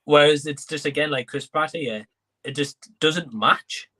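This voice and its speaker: Male co-host, bright and forceful tone, conversational, thinks out loud. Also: fairly high pitch, measured pace. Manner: conversational, thinking aloud with fillers. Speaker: co-host of entertainment live stream. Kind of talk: casual chat.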